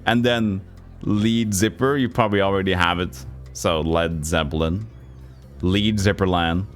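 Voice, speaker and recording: Norwegian male streamer, lowish voice, slow and halting, talks puzzles through aloud. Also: fairly even intonation, faint music behind. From Norway. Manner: thinking aloud, halting, self-correcting. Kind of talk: live game commentary.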